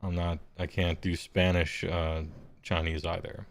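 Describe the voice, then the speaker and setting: A man with a deep voice, the game master chatting casually before a streamed tabletop session, rambling and self-deprecating. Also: level tone, measured pace, creaky.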